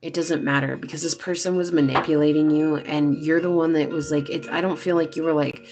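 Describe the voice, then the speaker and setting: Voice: mid-range voice, fairly even intonation, fairly quick, darkish tone. A tarot reader giving a casual, chatty reading to viewers, talking loosely with lots of fillers.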